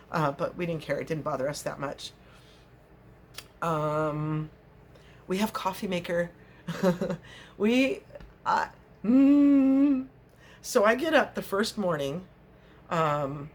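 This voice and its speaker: A woman's voice: fairly low pitch, slight background noise. Middle-aged woman, casual rambling vlogger, frequent laughs. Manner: chatty, laughs often, acts out little scenes. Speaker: crochet vlogger.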